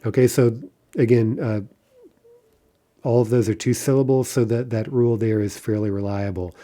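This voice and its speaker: A middle-aged male teacher walks through a recorded grammar lesson, his voice mellow and warm. He explains patiently and slows down to pronounce each example word. He keeps checking in with a quick "right?". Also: medium pitch, steady tone. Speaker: language teacher.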